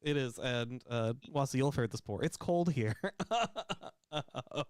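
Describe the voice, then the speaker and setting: A game master narrating a tabletop game in a relaxed way, with fillers and laughs. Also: mid-range voice, normal speed, clear, resonant tone, no echo, studio quality.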